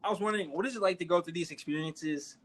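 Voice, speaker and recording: A teenage male podcast host asking a guest questions in a relaxed, easygoing way, restarting phrases now and then. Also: high-pitched, fast. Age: teens. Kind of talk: casual podcast interview.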